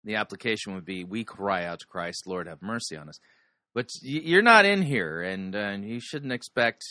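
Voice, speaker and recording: A man's voice: fairly low pitch, big pitch swings, normal speed, sharp tone, no room sound. A man hosting a podcast, giving dry, unimpressed commentary on a sermon clip. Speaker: podcast host.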